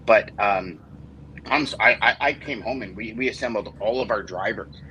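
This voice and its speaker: Bright-toned male podcast host. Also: lowish voice, moderate pace, highs cut off, slight background noise. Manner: animated, swears when worked up. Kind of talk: casual podcast storytelling.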